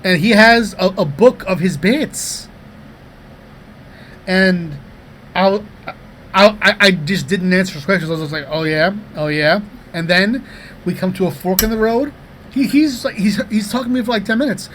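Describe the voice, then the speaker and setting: A man in his thirties co-hosting a comedy podcast, telling rambling, profane anecdotes in a casual, animated way. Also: high voice, moderate pace, pauses often, slight background noise. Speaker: podcast co-host.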